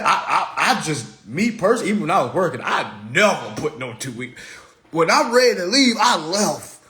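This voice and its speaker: A man's voice: high-pitched, sing-song, moderate pace, a bit bright. A man ranting to viewers on a live stream, preachy and profane, firing off rhetorical questions. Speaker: online personal finance commentator.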